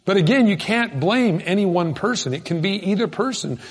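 A man preaching a sermon in a folksy, animated storytelling manner with sudden loud bursts. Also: sits high, normal speed, slightly rough, big-room sound. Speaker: pastor.

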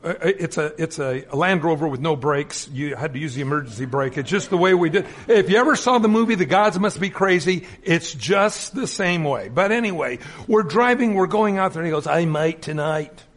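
Male minister, middle-aged, high voice that swoops a lot, acts out anecdotes mid-sermon. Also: fairly quick, few pauses. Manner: animated storytelling with acted-out quotes.

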